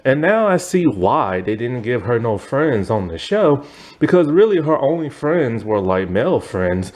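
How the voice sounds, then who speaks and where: Chatty man with lively, swooping pitch. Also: measured pace. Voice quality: chatty, filler-heavy, meandering, with "like" and "you know". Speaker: TV review vlogger. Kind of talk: casual chat.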